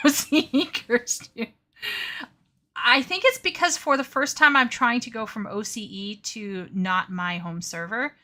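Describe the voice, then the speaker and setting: A woman's voice: on the high side, normal speed, hardly any pauses, pushed and bright, faint music behind. A woman chatting casually with her viewers while gaming on a live stream, often flustered and stammering. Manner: chatty, flustered, talks to chat while playing. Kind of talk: casual gaming livestream chat.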